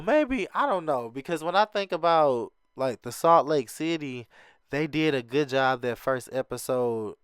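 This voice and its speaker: A young man recaps a reality TV episode in a casual, animated chat and laughs often. His voice is smooth and resonant, and it sits at an ordinary pitch for a man. The recording is dry and close. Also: dry recording. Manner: chatty and animated, laughs often, acts out quoted lines in a higher voice.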